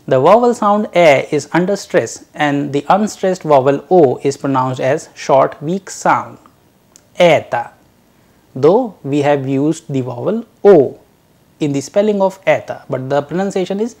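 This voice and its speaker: Slow, careful male language teacher. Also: fairly high pitch, lively intonation, creaky, darkish tone. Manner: slow, careful syllable-by-syllable drilling; addresses "dear learners". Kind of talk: recorded lecture.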